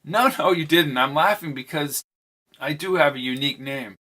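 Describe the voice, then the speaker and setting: In this audiobook, a male reader portrays a mysterious young woman from the future, perky but proper and guarded, her accent almost British. His pitch is fairly high, his tone sharp, and his pace moderate.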